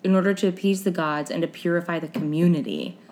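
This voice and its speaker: A young woman with a fairly low voice hosts a relaxed chat show. She reads her notes aloud and drops dry, joking comments between the facts. She trips over unfamiliar names. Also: quick pace. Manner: chatty, wry asides, stumbles over unfamiliar names. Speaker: podcast host. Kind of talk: casual chat, reading history notes aloud.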